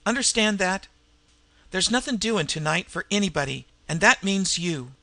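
A man's voice: fairly high pitch, moderate pace, no echo. A man voicing an irritable male crook boss who snaps and half-screams in a storybook reading. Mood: furious. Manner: sharp, snapping, belligerent.

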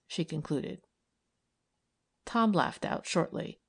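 A woman narrating a novel as an audiobook, in a calm storytelling manner. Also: low voice, a little slow, slightly rough.

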